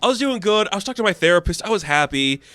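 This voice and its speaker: Guy doing a whiny high villain dude, all defensive and fed up. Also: big pitch swings, racing, bright, forceful tone, no echo, full character voice. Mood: exasperated. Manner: whiny, exasperated. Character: whiny mind-controlled male villain, defensive.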